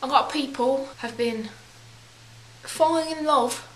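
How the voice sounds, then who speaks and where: A woman's voice: high-pitched, a little slow, fairly bright tone. A young woman vlogger telling rambling stories in a put-on English accent, often correcting herself as she goes. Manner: rambling, self-correcting, chatty. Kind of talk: casual storytelling vlog. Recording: echoey room with faint hiss.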